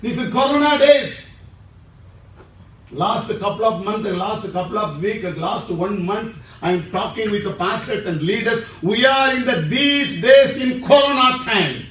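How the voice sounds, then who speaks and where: Brief: man, Indian English accent, fervent repetitive preacher, raised pitch, distant mic in an echoey church. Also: animated, unhurried, a bit bright. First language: Tamil. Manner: emphatic, repeats each phrase. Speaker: pastor. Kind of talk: sermon.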